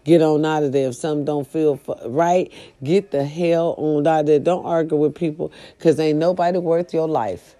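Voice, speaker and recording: A woman speaks straight to her followers in a casual, sermon-like talk. Her voice sits low and soft-toned, with a warm, mellow color. She hammers each point home by repeating it. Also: fairly even intonation, moderate pace, few pauses. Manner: emphatic, repetitive, preaching to followers. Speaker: online commentator addressing viewers. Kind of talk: casual preachy monologue.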